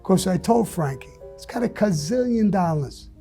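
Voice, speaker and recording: A man being interviewed, telling a story bluntly and profanely in a casual, animated way. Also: high voice, normal speed, vocal fry, soft background music. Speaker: interview guest.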